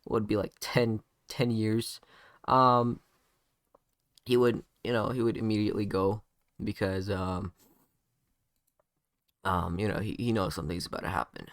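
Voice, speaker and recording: A man's voice: on the low side, little pitch movement, measured pace, pauses often, dry recording, clean studio sound. A man casually narrating an improvised fan story, rambling with many fillers and self-corrections.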